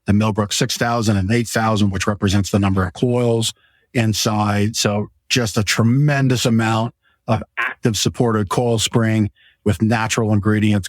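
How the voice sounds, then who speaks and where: This podcast host, who owns a mattress store, speaks in a low voice with no room sound audible. Recording from his showroom, he rambles enthusiastically about the products in an easygoing sales chat.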